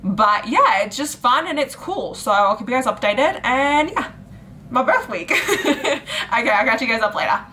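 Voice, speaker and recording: A young woman in her twenties, chatting casually to camera in a reading vlog with lots of fillers, her voice jumping high when she gets excited. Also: moderate pace, a little hiss or hum. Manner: chatty and giggly, lots of likes and ums, jumps into high pitch when excited. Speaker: book vlogger.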